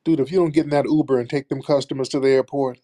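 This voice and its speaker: A man's voice: mid-range voice, fairly even intonation, fast, mellow, no echo. A man hosting a live talk show, speaking bluntly and sarcastically in a streetwise manner. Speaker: host.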